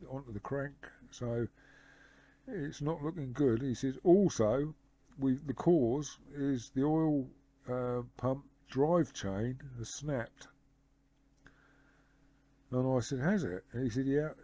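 Casting note: a man talking to camera, rambling, conversational storytelling, warm mellow tone, middle pitch. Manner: rambling retelling of a phone conversation, lots of "he said" and "I said". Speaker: motorcycle vlogger.

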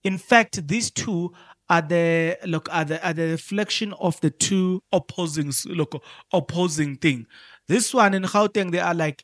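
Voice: mid-range voice, measured pace, no echo. Fired-up South African commentator hammering points home, close and dry on the mic. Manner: emphatic, repetitive, switching into isiZulu. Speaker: political commentator. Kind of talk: unscripted commentary monologue.

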